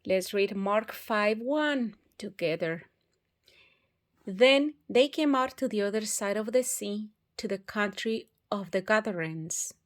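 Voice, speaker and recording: A woman's voice: mid-range voice, lively intonation, slow. A woman reading scripture aloud, carefully and with occasional restarts. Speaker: Bible reader.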